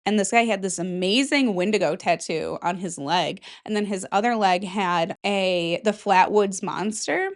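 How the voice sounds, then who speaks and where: A woman's voice: mid-range voice, normal speed, few pauses. A young woman hosting a casual podcast, rambling, swearing freely and laughing at herself. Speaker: podcast host. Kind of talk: casual chat.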